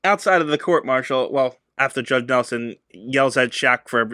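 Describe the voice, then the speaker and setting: A man's voice: mid-range voice, normal speed, pushed and bright, dry recording. A man co-hosting a podcast, chatting casually about a movie and often correcting himself as he goes. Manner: rambling, self-correcting. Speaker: podcast co-host. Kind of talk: casual movie review chat.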